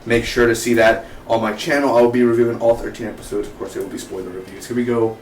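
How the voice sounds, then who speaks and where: Man, casual TV review vlog, rambling and excitable, echoey room, distant mic. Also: medium pitch, fast talker. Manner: excitable and rambling, asks viewers questions. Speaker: TV show reviewer. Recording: roomy, distant mic, faint noise.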